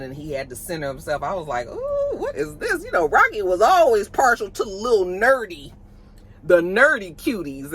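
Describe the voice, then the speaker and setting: A woman runs her vlog in a chatty, gossipy way. She tells stories with animated flair in a bright, forward-placed voice. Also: mid-range voice. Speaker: vlogger. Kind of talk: casual chat.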